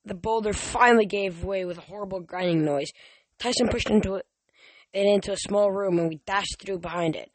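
In a fairly quick, high-pitched voice, a male reader works through a novel as a homemade audiobook, tripping over words and restarting them often.

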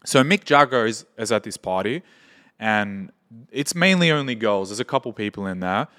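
Australian man telling party stories, low-pitched. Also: normal speed. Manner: animated anecdotes, swearing, quotes people in his stories. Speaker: podcast guest. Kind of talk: casual storytelling chat.

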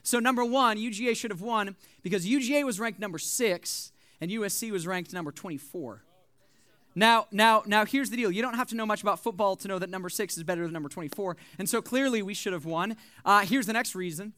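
Animated young male preacher, bright voice. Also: sits high, brisk, dry recording. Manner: animated, joking, conversational preaching. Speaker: youth pastor. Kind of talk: sermon.

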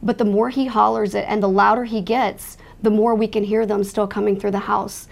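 Gravelly-voiced woman telling a true story. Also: mid-range voice, level tone, a little fast. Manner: earnest, emotional retelling of a frightening night; speaks with religious faith. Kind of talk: personal testimony storytelling.

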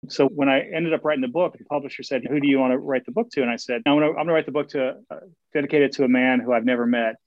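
Guy rattling off stories fast in an interview, lots of "i, i, i" restarts, dry dull lo-fi sound. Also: medium pitch, steady tone, dry recording. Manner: fast, eager, frequent restarts and repeated words. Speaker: guest, Camino walker and author. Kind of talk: casual interview storytelling.

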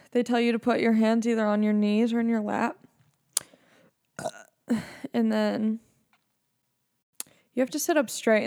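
A young woman hosting a podcast, talking in a rambling, sarcastic monologue full of deadpan jokes. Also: a little high, gravelly. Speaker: podcast host. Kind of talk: casual comedic monologue.

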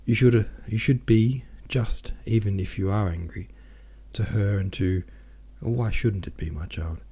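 Reading a novel aloud, a man voices a restless, self-pitying middle-aged merchant who pleads and rambles. His low, gravelly voice carries a husky edge and sounds very dark and mellow, a little slow, with a pleading mood.

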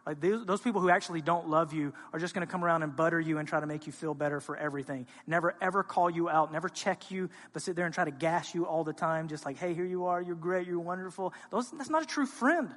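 A male pastor delivering a sermon in a church, his voice pitched somewhat high and carried by a long, ringing reverb. He preaches with passion, dropping to quiet, intimate moments and then rising to loud, urgent appeals. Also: fast, hardly any pauses. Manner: impassioned preaching that swings between quiet and loud. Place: church sanctuary.

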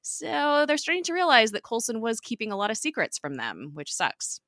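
A woman's voice: on the high side, wildly swooping pitch, normal speed, fairly bright tone, no echo, studio quality. A woman casually recapping a TV episode in a chatty, emotional way, full of fillers like "like" and "um".

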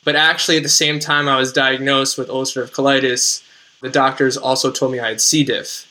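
A man in his twenties from New Jersey with a New Jersey accent, telling his story as a podcast guest in an earnest, measured way. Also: medium pitch, flat delivery, pushed and bright, poor audio. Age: 20s. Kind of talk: podcast interview.

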